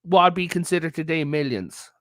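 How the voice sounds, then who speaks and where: A man from Ireland talks as a guest on a video call, spinning history anecdotes in a loose, chatty way and checking in with "right?" as he goes. His voice sits fairly high for a man. The sound is close and dry with no room around it. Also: normal speed, fairly bright tone, no room sound. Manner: storytelling, peppered with "like" and "right?". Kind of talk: casual conversational history chat.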